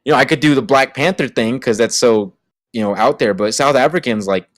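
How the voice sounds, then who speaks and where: A man's voice: mid-range voice, a little fast, no echo. A man co-hosting a casual podcast, rambling along with lots of fillers and restarts. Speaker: podcast co-host. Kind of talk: casual chat.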